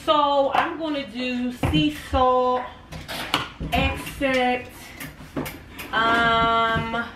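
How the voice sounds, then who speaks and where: Chatting to her "y'all" viewers as she cooks in her home kitchen, this cooking vlogger speaks with a higher-sided voice in a flat, extremely slow delivery. A phone camera set back from her makes her sound distant, with clear noise behind her.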